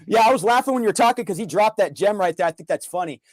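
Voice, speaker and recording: A man's voice: high-pitched, expressive, rapid-fire, a little mellow, dry recording. A man co-hosting a casual sports talk show, rambling with lots of fillers. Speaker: co-host. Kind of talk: casual sports podcast chat.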